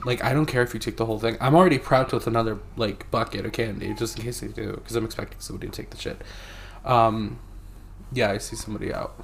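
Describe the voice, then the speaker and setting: A young man co-hosting a podcast in casual chat, crude and joking, breaking into loud laughter. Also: lowish voice, steady tone, quick pace, creaky, a little hiss or hum. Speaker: podcast co-host.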